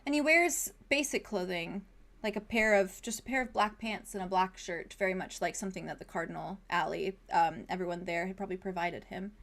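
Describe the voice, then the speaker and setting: A woman narrates a tabletop game as its game master, her voice sitting at an ordinary middle pitch. She laughs often and fills her descriptions with ums and likes. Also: fairly quick, fairly bright tone.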